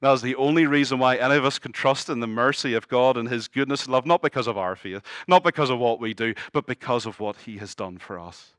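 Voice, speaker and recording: A man's voice: medium pitch, fast, hardly any pauses, a bit bright, no echo, studio quality. A middle-aged man preaching a sermon earnestly, with humorous asides. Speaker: pastor.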